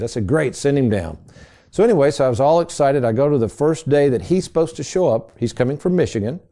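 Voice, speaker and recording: A middle-aged man talks into a studio microphone as a radio host. His voice is mellow and warm, and he sits at an ordinary pitch for a man. He tells stories in a folksy, chatty way and calls his listeners folks. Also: expressive, fast. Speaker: radio show host and financial advisor. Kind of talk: casual storytelling radio talk.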